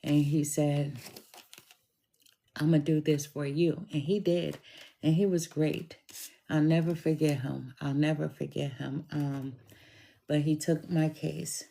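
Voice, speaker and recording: A woman's voice: sits low, little pitch movement, vocal fry, dark tone. A middle-aged woman telling a personal story in a casual, emphatic way, speaking straight to the listener. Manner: slow, deliberate and emphatic, addresses listener directly.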